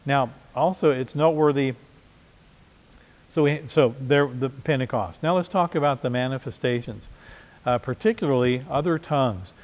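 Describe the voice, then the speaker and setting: A man's voice: mid-range voice, normal speed, in a large hall. A man preaching a sermon as pastor, conversational, with frequent restarts and repeated words. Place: church.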